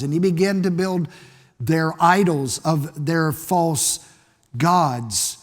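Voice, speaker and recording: Slow, high-voiced preacher in a reverberant church. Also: male voice, lively intonation. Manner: emphatic, repeats words while building a point; asks the congregation rhetorical questions. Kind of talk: sermon. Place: church sanctuary. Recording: long church hall reverb.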